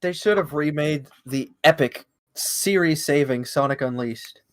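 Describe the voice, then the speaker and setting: A man co-hosting a podcast, riffing jokes in casual chat and laughing often. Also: a little high. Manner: giggly, quick riffing jokes. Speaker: podcast co-host.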